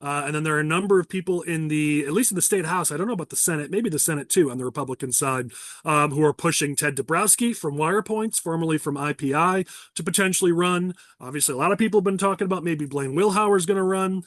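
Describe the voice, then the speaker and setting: A man with a fairly high voice hosts a casual politics podcast. He speaks bluntly and with firm opinions, sometimes restarting his sentences. The sound is dry and close, with no room around it. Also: quick pace, a bit bright, dry recording. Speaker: podcast host.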